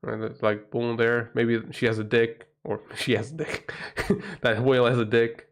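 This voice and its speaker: A Portuguese man with a Portuguese accent hosts a rambling, profane, casual livestream chat, often breaking into exclamations. His mid-range voice shows little pitch movement and keeps a moderate pace.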